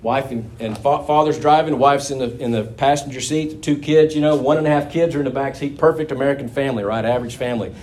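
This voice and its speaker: A man's voice: mid-range voice, steady tone, fast, hardly any pauses, darkish tone. Man preaching a conversational sermon. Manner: conversational, folksy storytelling with asides.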